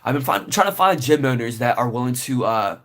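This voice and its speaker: A man's voice: medium pitch, lively intonation, brisk, fairly bright tone. A young man giving casual, rambling business advice to camera, full of fillers and "right?" tags. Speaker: business vlogger.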